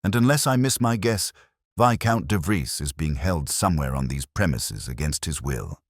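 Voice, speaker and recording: A man voicing a keen, cool-headed detective who speaks in crisp, clipped deductions. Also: rumbling low, lively intonation, normal speed, no echo, clean studio sound. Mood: cool, commanding.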